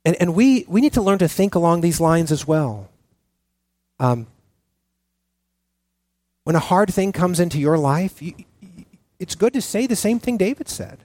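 A man preaching a sermon as pastor, earnest and halting, often restarting his sentences with fillers. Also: high voice, lively intonation, darkish tone, dry recording.

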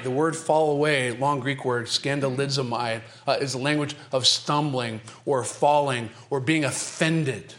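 A pastor delivers a sermon from the pulpit in a medium-pitched voice, dramatic and emphatic, building intensity through repeated phrases. He swings between driving, quickened bursts and slow, weighty stretches, with sudden shifts in loudness, and challenges the congregation with pointed rhetorical questions.

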